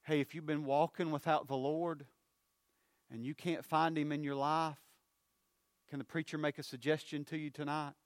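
A man, preaching a sermon. His loud, rising appeals drop to low, hushed phrases. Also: flat delivery, moderate pace, dry recording, studio quality.

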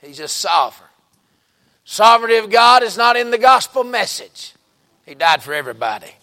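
A man with a Southern US accent preaching a fervent revival sermon in a church, breaking into sudden shouts and exclamations. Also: high voice, very animated, moderate pace, vocal fry. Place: church sanctuary.

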